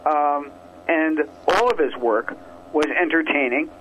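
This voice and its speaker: A man who is a guest on a radio show, telling stories in a measured way. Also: on the high side, a bit bright, slight background noise, rough recording.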